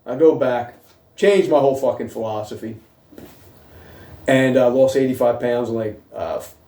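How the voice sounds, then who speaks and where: Recounting his own history as host, a middle-aged man speaks at a moderate pace in a medium-pitched voice that's mellow and darker in tone. His casual storytelling is blunt and profane, punctuated again and again by "okay?", with roomy echo and distance from the microphone.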